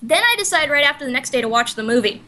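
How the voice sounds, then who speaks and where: A woman's voice: high voice, lively intonation, quick pace, bright, forceful tone, a little hiss or hum, poor audio. A woman co-hosting a casual podcast chat, retelling a story in a rambling way full of "like" and "you know", often correcting herself mid-sentence. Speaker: podcast co-host.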